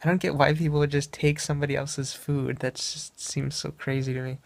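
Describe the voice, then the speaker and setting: A man's voice: fairly high pitch, level tone, a little fast, vocal fry, no echo. A young man from Wisconsin, casually telling a travel story in a meandering way, often correcting himself. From Wisconsin, USA. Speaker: vlogger.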